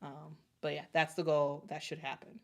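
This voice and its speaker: A woman's voice: low-pitched, level tone, a little mellow. Laid-back woman with a Chicago accent. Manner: halting, many fillers and restarts. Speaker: sports show host. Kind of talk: casual livestream chat reading super chats.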